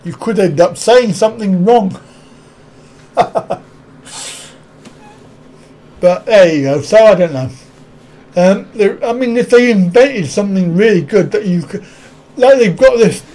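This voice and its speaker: A man's voice: high voice, animated, unhurried, pauses often, warm tone. A man hosting a casual live stream, rambling, chuckling often and answering viewers' comments one by one.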